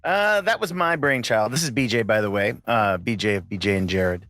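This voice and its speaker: A man, a guest podcaster, chatting casually with many halting restarts. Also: fairly low pitch, over a noisy crowd. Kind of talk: casual chat.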